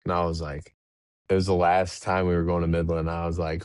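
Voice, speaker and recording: A young man with a low, deep voice tells loose, rambling stories as a podcast guest, laughing now and then between anecdotes. The sound is dry and close, with no room echo behind him. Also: level tone, brisk, smooth. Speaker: professional baseball pitcher, podcast guest. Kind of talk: casual interview storytelling.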